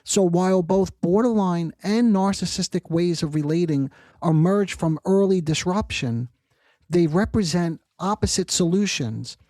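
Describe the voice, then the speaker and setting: A man hosting a psychology podcast, giving a measured, reflective monologue about therapy that slows down when he quotes example phrasings. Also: high voice, mellow, no echo. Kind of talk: explanatory monologue.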